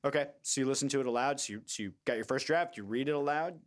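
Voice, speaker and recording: A man's voice: mid-range voice, quick pace. A man co-hosting a podcast, chatty and self-deprecating, asking his guest clarifying questions. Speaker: podcast co-host. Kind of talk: conversational podcast interview.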